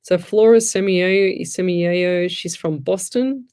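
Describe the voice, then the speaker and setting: This is a middle-aged woman, a psychic medium who hosts a radio show, chatting on a live stream as she reads out comments. Her voice sits on the low side, clear and resonant, a little mellow and unhurried, and her rambling advice to listeners is frank and blunt.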